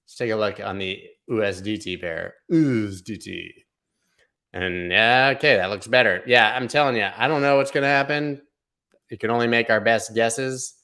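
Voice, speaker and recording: A man's voice: fairly low pitch, fairly even intonation, moderate pace, sharp tone. A male host giving casual, jokey livestream commentary on market charts, thinking aloud as he rambles from one chart to the next. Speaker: crypto market analyst host.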